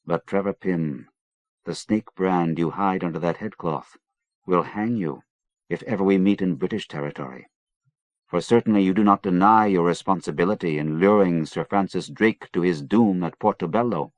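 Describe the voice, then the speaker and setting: A man's voice: sits low, moderate pace, no echo, close to an everyday voice. A man reading an audiobook, voicing a stern British naval captain making an accusation. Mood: accusing. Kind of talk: audiobook character voice.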